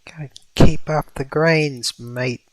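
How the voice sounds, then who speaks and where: A man's voice: mid-range voice, a little slow, creaky, no room sound. A man putting on a joking, clumsy Australian bloke voice for a moment while he plays a game. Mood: teasing. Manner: clumsy put-on accent.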